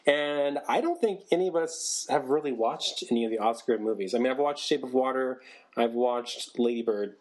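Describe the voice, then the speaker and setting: A man's voice: medium pitch, moderate pace, darkish tone. A man co-hosting a podcast who explains ideas in a casual chat and keeps checking in with "right?". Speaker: podcast co-host.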